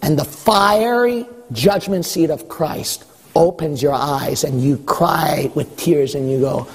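Brief: emphatic male preacher, high and husky, in a big reverberant church. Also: slow. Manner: emphatic preaching with repetition and rising shouts. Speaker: pastor. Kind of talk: sermon. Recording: long hall reverb.

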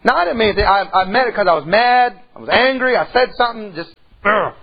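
A man's voice: high voice, lively intonation, quick pace, creaky, lo-fi sound. A middle-aged man preaching a sermon in church, telling a folksy story and rising into emphatic calls to the congregation.

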